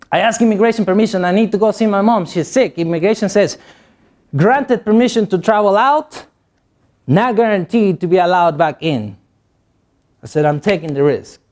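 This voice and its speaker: A young male motivational speaker with a non-native accent addresses a youth audience. His voice sits high and rises and falls with lively swings. He repeats phrases for emphasis and mixes in jokes.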